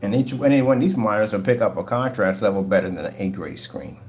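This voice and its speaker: A man's voice: fairly low pitch, fast talker, darkish tone. A man giving a casual product demonstration for his projector screen paint, talking in an emphatic, rambling sales style at home. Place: home room with a projector and gray wall. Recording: roomy echo.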